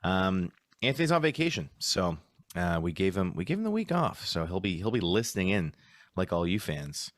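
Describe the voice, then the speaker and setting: A man with a very low voice hosts a sports podcast in casual chat. He rambles along in a laid-back way, restarting his sentences. The sound is dry and close. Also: very animated, moderate pace, no echo. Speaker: podcast host.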